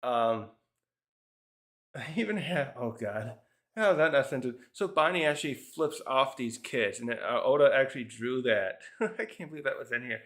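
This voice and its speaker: A man's voice: medium pitch, lively intonation, moderate pace, fairly bright tone. A man casually reviewing a comic chapter, rambling through the scenes with lots of fillers and little chuckles. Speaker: manga reviewer.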